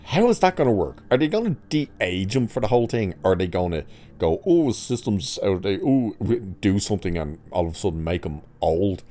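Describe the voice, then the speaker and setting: A man's voice: deep voice, expressive, fairly quick, warm tone. A man giving casual, opinionated commentary, sarcastic and exasperated, laughing at his own jokes. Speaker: pop culture commentator.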